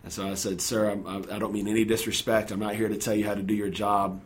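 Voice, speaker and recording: A man earnestly retelling a personal story in a relaxed conversation, acting out the lines of the people in it. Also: lowish voice, fast talker. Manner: earnest, animated retelling with acted-out quotes. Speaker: guest telling his story.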